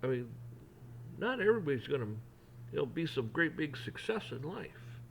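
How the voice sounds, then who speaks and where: A man's voice: on the high side, big pitch swings, normal speed, vocal fry, a little hiss or hum, low-quality recording. A man ranting on a vlog in a folksy, rambling, blunt way. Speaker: vlogger. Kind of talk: opinion rant.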